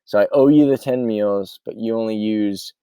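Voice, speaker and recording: A man who runs a meal prep business, casually walking through his ordering software and thinking aloud as he goes. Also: lowish voice, normal speed, smooth, no room sound. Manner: rambling and offhand, thinking aloud.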